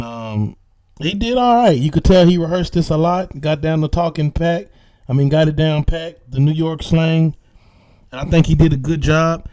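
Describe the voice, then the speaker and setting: A man's voice: on the high side, dry recording. A man with a Southern American accent giving a loose, slangy recap of rap battles, with emphatic verdicts. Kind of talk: casual recap commentary.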